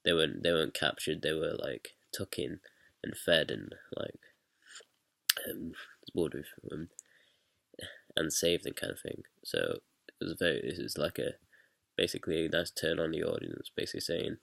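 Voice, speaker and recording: Young man, very low voice, husky, halting with lots of ums, dry close sound. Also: animated, a bit bright, no room sound. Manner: hesitant, many fillers and restarts. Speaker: student director. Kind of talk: casual explanation of a stage scene.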